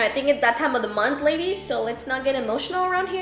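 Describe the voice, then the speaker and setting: A woman's voice: sits high, expressive, fast talker, hardly any pauses, a bit bright, echoey room, soft background music. A woman in her twenties, a boutique owner, giving a heartfelt and emotional motivational talk, rambling and teary with her voice cracking. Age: 20s. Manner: emotional, rambling, says "like" and "you know" a lot.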